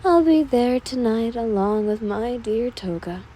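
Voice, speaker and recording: A woman voicing a calm, commanding goddess who speaks in a slow, purring, indulgent manner. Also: on the high side, a little hiss or hum, rough recording.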